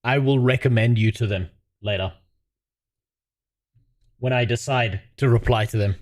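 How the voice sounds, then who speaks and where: A man's voice: mid-range voice, measured pace. A man chatting casually on a livestream, profane and rambling, talking to his viewers. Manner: profane, rambling, laughs often. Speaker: streamer.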